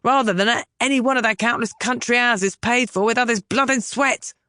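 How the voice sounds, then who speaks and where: A man's voice: very high voice, fairly quick, sharp tone, dry recording, clean studio sound, voice pushed up. Woman doing a grumpy stubborn young guy in an audiobook, blunt and argumentative. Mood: heated. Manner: gruff, combative, plain-spoken. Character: blunt stubborn young man, scared of the sea.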